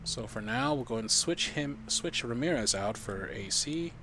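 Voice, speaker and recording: A man's voice: mid-range voice, animated, moderate pace, noisy background. A man streaming a video game live, walking viewers through the steps in a chatty, explaining way.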